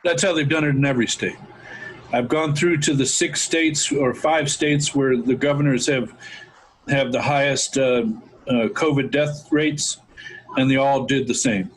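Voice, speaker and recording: A man's voice: medium pitch, steady tone, a little slow, rough recording. A man hosting a talk show, ranting fervently and calling his listeners folks. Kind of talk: impassioned political talk.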